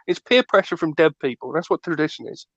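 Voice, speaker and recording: A man's voice: on the high side, expressive, fast, dry recording, lo-fi sound. A man co-hosting a podcast, ranting playfully in casual chat and acting out little scenes. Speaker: podcast co-host.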